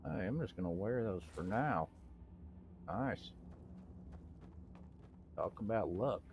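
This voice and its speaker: A man's voice: fairly low pitch, animated, slow, a little mellow, slight background noise, rough recording. A man streaming a video game, chatting casually in a playful, jokey way. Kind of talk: casual gaming commentary.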